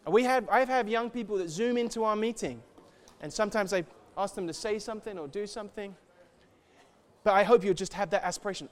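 High-voiced, clear man preaching animatedly. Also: brisk. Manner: animated, swings from soft to shouting; acts out quoted voices. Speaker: church speaker. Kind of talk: sermon.

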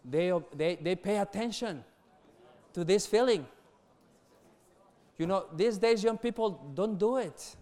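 A middle-aged man preaching earnestly to young people, laughing softly between points and repeating words as he goes. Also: high voice, expressive, takes it slowly, long pauses. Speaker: youth pastor.

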